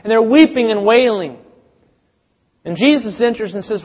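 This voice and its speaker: Male preacher, dramatic storyteller, slightly high, muffled sound. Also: animated, moderate pace, long pauses. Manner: storytelling, dramatic swings in loudness. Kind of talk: sermon. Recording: dull sound with long reverb.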